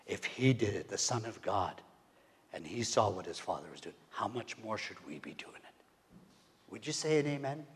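A man preaching a sermon, asking the congregation questions and swinging from hushed whispers to loud, emphatic calls. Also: lowish voice, lively intonation, moderate pace, slight background noise. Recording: long hall reverb.

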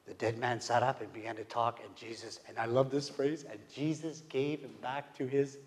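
A man's voice: medium pitch, fairly even intonation, moderate pace, few pauses. Emphatic preacher man in a reverberant hall. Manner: swings from hushed whispers to loud emphatic calls; asks the congregation questions. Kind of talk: sermon.

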